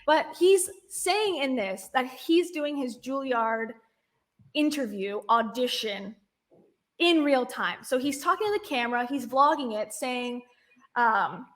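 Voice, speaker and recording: A woman's voice: sits high, expressive, unhurried. A woman hosting a commentary chat, laying out skeptical arguments point by point. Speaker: host.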